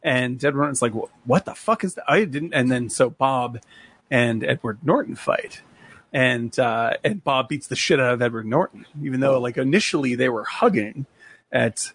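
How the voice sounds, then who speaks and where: A man's voice: medium pitch, normal speed, fairly bright tone, husky. A man co-hosting a podcast, retelling a film in a rambling, casual way with many fillers. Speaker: podcast co-host. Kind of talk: casual chat, film recap.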